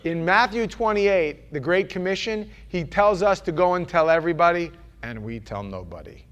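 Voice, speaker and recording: A man preaching a sermon in a loose, conversational way, rambling with restarts and often dropping to a quiet murmur. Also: sits high, lively intonation, normal speed, smooth.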